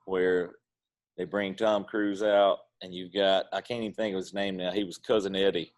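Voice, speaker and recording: A man's voice: deep voice, little pitch movement, normal speed. A middle-aged man with an Eastern North Carolina accent, telling stories in a laid-back, drawling way as an interview guest. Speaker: guest, pitmaster. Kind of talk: casual interview chat.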